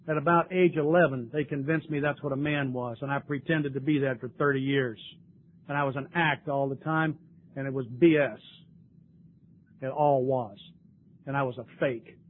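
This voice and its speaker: A man's voice: mid-range voice, steady tone, moderate pace. Earnest older man, tinny lo-fi tape. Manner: earnest, emotional, tearful at times. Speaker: speaker sharing his story at a recovery meeting. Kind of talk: recovery meeting talk. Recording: tinny lo-fi recording with faint noise.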